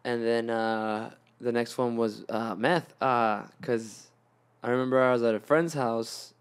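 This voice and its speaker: Young male podcast host, rambling and profane, mid-pitched, casual storyteller. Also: fairly even intonation, unhurried, clean tone. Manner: rambling, profane, acts out friends' lines.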